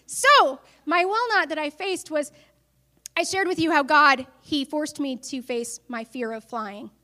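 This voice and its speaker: A woman's voice: high-pitched, unhurried, sharp tone. A woman preacher giving an earnest sermon that builds to emphatic declarations.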